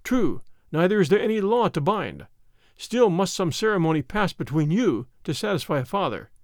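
A man's voice: sits high, big pitch swings, moderate pace, dry recording, studio quality. A man voicing a secretive male hunter who fled his lord, speaking in a terse, commanding way in a story reading.

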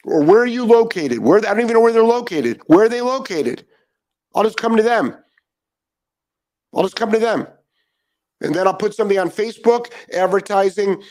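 A middle-aged man with a slightly high voice, hosting his own live dog training show. He rants with heavy profanity, repeats himself for emphasis, and then turns to chatting casually with his viewers. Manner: emphatic, profane, repetitive ranting; calmer chatty greeting of commenters. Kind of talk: ranting live stream monologue.

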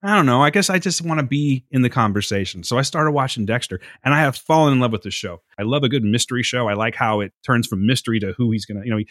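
A man's voice: mid-range voice, fast talker, hardly any pauses, fairly bright tone, dry recording, studio quality. A man co-hosting a casual podcast, arguing heatedly, swearing and laughing often. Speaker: podcast co-host. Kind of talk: casual chat.

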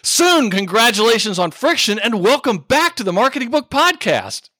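A man's voice: extremely high pitch, very animated, normal speed, sharp tone, no room sound, clean studio sound, soft background music. A man hosting a podcast, reading a playful scripted introduction and chatting with a guest, laughing easily. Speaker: podcast host.

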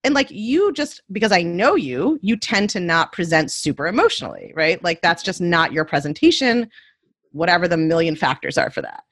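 Animated laughing woman podcast host. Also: lowish voice, normal speed, no room sound, clean studio sound. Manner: animated, laughing, many "right?" tags. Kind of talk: casual podcast conversation.

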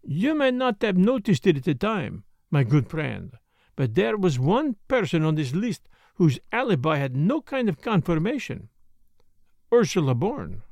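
Poirot, a man doing a fussy excitable detective. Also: high voice, unhurried, no echo, exaggerated voice. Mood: probing. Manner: precise, emphatic, muttering to himself. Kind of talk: audiobook character voice.

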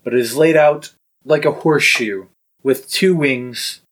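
A man's voice: medium pitch, a little slow, fairly bright tone, low-quality recording. A man narrating a tabletop game as game master, laid-back and descriptive with dry humor.

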